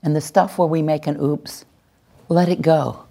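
A woman teaching about praising children, animated and playful, acting out parents' baby talk and scolding in her examples. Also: sits low, a little slow, gravelly. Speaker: parenting educator. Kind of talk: lively talk to an audience.

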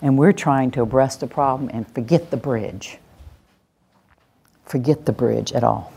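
Low-voiced woman teaching calmly. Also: unhurried, creaky, slightly rough. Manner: calm, coaching, slips into soft soothing phrases when demonstrating. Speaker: parenting and classroom trainer. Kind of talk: workshop teaching with acted demonstrations.

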